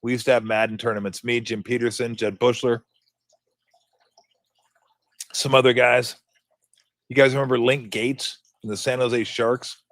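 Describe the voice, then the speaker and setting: A man in his fifties talks casually on a radio show with a middle-pitched voice. He tells stories with bursts of energy and mimics old game noises. The recording is dry and close. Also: normal speed, dry recording. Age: 50s. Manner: animated storytelling, mimics game sound effects. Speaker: sports radio host.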